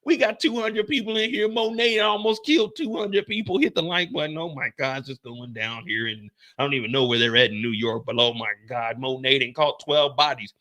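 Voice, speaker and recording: A man recapping a crime drama episode for his audience, excitable and profane. His voice is bright and forceful, and he keeps breaking into mouth-made gunshot effects as he retells the action. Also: a little high, fairly quick, few pauses. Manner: excitable, acts out scenes with gunshot sound effects; profane slangy storytelling. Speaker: show recap host. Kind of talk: animated episode recap commentary.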